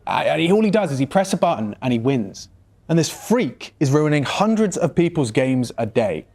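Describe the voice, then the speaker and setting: A man's voice: on the high side, big pitch swings, normal speed, darkish tone. A man ranting indignantly in a comedy skit, swearing as he complains. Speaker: esports caster.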